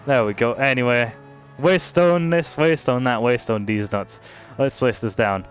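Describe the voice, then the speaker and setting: A young British man commenting casually on a game he is playing, swearing and reacting loudly to what happens on screen. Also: medium pitch, measured pace, faint music behind. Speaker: streamer.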